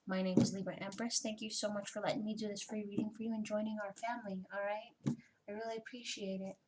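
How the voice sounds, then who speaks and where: A woman's voice: mid-range voice, flat delivery, quick pace, a little mellow, slight background noise, low-quality recording. A woman giving a casual personal tarot reading, chatty and swearing freely, with lots of "you know" fillers. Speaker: tarot reader.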